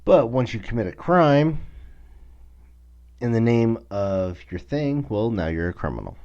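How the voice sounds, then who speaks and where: A man's voice: medium pitch, very animated, measured pace, darkish tone, dull audio. A man with a Southern US accent hosting a podcast alone, ranting bluntly and with plenty of profanity. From American South. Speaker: podcast host. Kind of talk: casual solo rant.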